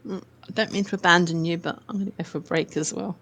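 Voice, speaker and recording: A woman's voice: on the low side, steady tone, fast talker, fairly bright tone. A woman, playing in a tabletop game and bantering dryly with light swearing. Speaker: player. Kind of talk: casual chat over voice call.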